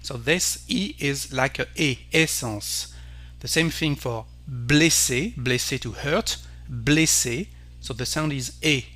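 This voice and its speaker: French-accented guy teaching pronunciation, goes really slow and repeats every word. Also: medium pitch, bright, forceful tone. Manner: careful, repeats each word slowly.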